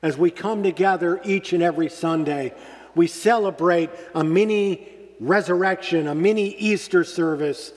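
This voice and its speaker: A man preaching a sermon as pastor, slow and deliberate, lifting his voice on emphatic phrases. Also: high-pitched, in a large hall.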